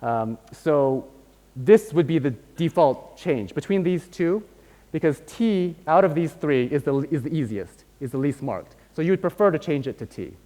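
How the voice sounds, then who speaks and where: A man's voice: on the high side, expressive, normal speed, dark tone. A man giving a university lecture, explaining step by step and often checking in with "right?". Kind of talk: academic lecture. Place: lecture hall. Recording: long hall reverb.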